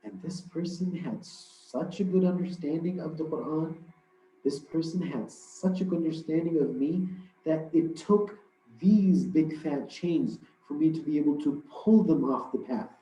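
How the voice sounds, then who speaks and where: A man's voice: on the high side, measured pace, warm tone, lightly acted. A man doing a weary, mocking devil. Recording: roomy, dull lo-fi hall recording.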